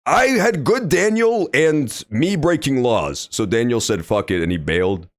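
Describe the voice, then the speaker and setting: A young man streaming a game, reacting loudly and swearing often in casual commentary. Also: mid-range voice, measured pace, dry recording, studio quality. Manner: animated, reactive, swears often, loud outbursts. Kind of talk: let's play commentary.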